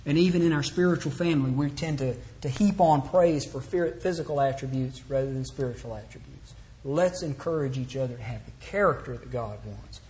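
A man's voice: mid-range voice, brisk, a little mellow. A man preaching a sermon to a congregation, earnestly exhorting families, quoting scripture and acting out little conversations. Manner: earnest, exhorting, quotes scripture and acts out short dialogues.

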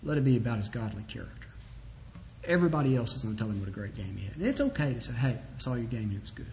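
A man's voice: mid-range voice, expressive, brisk, a little hiss or hum. A man preaching a sermon to a congregation, earnestly exhorting families, quoting scripture and acting out little conversations. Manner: earnest, exhorting, quotes scripture and acts out short dialogues.

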